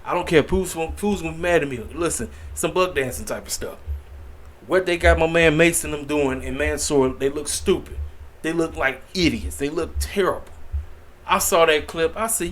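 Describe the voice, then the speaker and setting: A man's voice: fairly high pitch, normal speed. Exasperated man ranting in casual slang. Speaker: wrestling commentary vlogger. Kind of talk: casual opinion rant.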